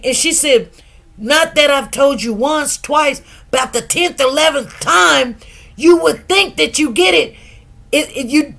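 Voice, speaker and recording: A woman hosting casual commentary, animated and gossipy, acting out what others said. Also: sits high. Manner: animated, gossipy, laughs often, acts out quotes. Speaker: news commentary host.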